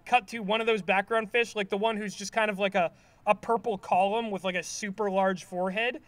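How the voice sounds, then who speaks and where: A man's voice: sits high, fairly even intonation, brisk, a bit bright, no echo. A man co-hosting a podcast, recapping a cartoon episode in a rambling, filler-heavy way. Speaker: podcast co-host. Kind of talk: casual chat recapping an episode.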